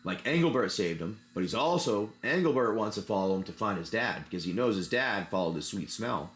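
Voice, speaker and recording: A man's voice: on the low side, animated, brisk, a bit bright. A man hosting a casual livestream, chatting as he opens card packs and rambling through an improvised adventure story. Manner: rambling, chatty, talks while handling cards.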